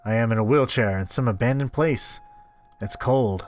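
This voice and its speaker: A man reading a visual novel aloud as a game host, expressive with wry asides. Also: mid-range voice, normal speed, faint music behind. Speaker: let's-play host.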